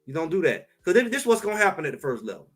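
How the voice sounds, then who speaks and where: A man co-hosting a sports talk show in casual, emphatic chat, trash-talking and animated. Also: on the high side, rapid-fire, husky, faint music behind.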